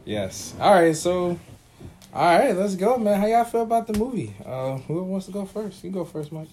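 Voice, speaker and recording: A man's voice: high-pitched, sing-song, moderate pace, darkish tone, a little hiss or hum. A man hosting a casual podcast with friends, joking and laughing often. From Baltimore. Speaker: podcast host. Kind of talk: casual chat. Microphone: home recording mic.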